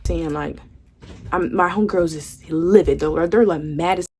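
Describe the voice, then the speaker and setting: A woman's voice: fairly low pitch, unhurried, darkish tone, slightly rough. A young woman vlogger telling a candid storytime, swearing freely and acting out what her friends said. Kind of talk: casual storytime.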